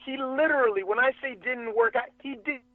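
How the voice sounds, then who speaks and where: Guest spot: high-pitched man, animated storyteller, restarts a lot, dry tinny phone-like sound. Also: no room sound. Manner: animated, rapid restarts, calls the host "dude". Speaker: guest, fight promotion executive and manager. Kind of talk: casual storytelling on a podcast.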